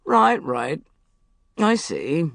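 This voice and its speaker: A narrator voicing a male police inspector who speaks in a calm, reassuring way. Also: mid-range voice, drawn-out words, creaky, no room sound, studio quality, heavily acted. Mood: calm wry.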